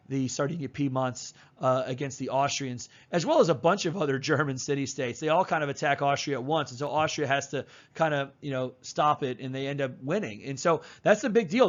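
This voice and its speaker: A man's voice: medium pitch, fairly quick, few pauses, highs cut off. A man teaching a history lesson in a casual, chatty way, with slang and fillers. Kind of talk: casual recorded lecture.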